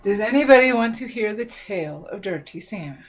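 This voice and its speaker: A woman's voice: medium pitch, expressive, fairly quick. A woman hosting a livestream, chiming in with short teasing remarks during casual chat. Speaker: host.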